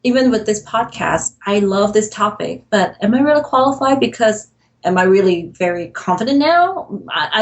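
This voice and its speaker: A woman's voice: medium pitch, low-quality recording. A middle-aged woman speaking candidly as a podcast guest, earnest and emotional, laughing often between admissions of self-doubt. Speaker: podcast guest, real estate broker. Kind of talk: candid interview conversation.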